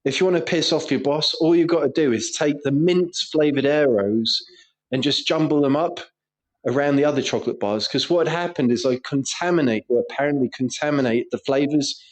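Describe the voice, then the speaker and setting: A man's voice: a little high, fairly quick. A man co-hosting a podcast, telling crude stories in casual banter and laughing often. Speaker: podcast co-host.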